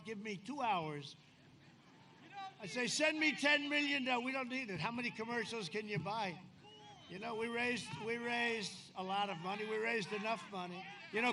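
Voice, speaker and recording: A man's voice: high-pitched, sharp tone. A man giving a rambling, boastful campaign speech at an outdoor rally, talking off the cuff. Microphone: podium microphone. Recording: noisy outdoor rally recording. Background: outdoor rally noise.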